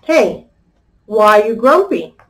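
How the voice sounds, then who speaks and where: A woman's voice: mid-range voice, sing-song, slow pace. Woman doing a cheerful friendly gorilla. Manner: gently pointing things out.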